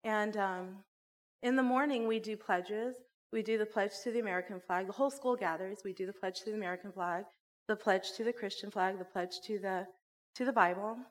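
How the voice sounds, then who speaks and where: A woman who runs a church school, teaching a sermon and telling a personal story with animated, laughing delivery. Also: medium pitch, a little fast. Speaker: Bible teacher and school director.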